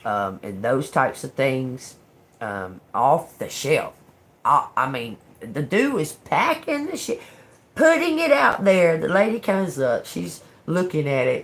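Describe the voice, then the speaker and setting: A woman hosting a casual livestream as a tarot reader, rambling emphatically and talking straight to her viewers. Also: low voice. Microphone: phone or webcam livestream.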